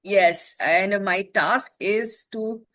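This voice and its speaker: A woman explaining a word and her meeting role, careful and pausing with fillers and restarts. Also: medium pitch, fairly bright tone, a little hiss or hum. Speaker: club member, super listener.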